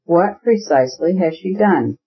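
A man reading the part of an anxious woman who pleads earnestly for her friend. The reader keeps his own fairly high male voice for her. The recording sounds dull and lo-fi. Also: lively intonation, normal speed. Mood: distressed. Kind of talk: audiobook character reading.

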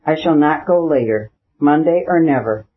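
A man's voice: on the high side, lively intonation, normal speed, husky. A man voicing a bitter, jealous noblewoman. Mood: impatient. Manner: pleading, bitter and accusing. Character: proud, jealous young noblewoman, anguished. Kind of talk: audiobook reading. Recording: dull lo-fi recording.

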